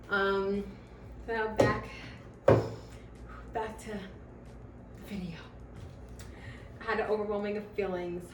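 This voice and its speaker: In an unboxing vlog shot at home, a woman with a mid-range voice speaks at a measured pace, pausing often. She's excitable and gushing, laughing plenty as she displays her new gear, and the audio is distant, echoey and noisy.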